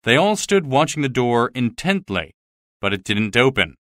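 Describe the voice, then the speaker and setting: A man narrating a graded reader story aloud in a lively, expressive way, recorded on a close studio mic. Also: mid-range voice, normal speed, no room sound. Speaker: audiobook narrator.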